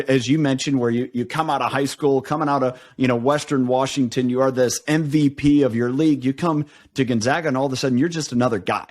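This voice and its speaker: Male podcast host, mid-pitched, halting, supportive interviewer. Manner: halting, many restarts, encouraging. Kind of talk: interview questions.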